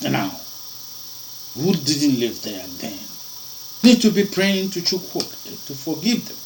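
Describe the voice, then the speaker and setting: A man's voice: medium pitch, lively intonation, unhurried, slight background noise, rough recording. A man preaching an impassioned sermon, firing rhetorical questions and repeating and breaking off phrases.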